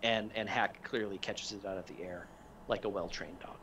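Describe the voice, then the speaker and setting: A man's voice: low-pitched, steady tone, normal speed, fairly bright tone, slight background noise. Hesitant man running a tabletop game. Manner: hesitant with many fillers and restarts. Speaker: game master.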